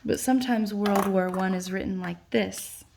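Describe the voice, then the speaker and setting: A woman teacher, tired late at night, slowly and patiently walking students through their notes in a recorded lesson. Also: medium pitch, fairly even intonation, vocal fry, background noise. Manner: slow, patient explaining.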